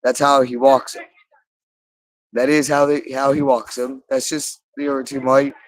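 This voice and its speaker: A man speaking in a rambling, halting monologue, repeating phrases again and again. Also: mid-range voice, flat delivery, dry recording, low-quality recording. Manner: halting, with frequent restarts.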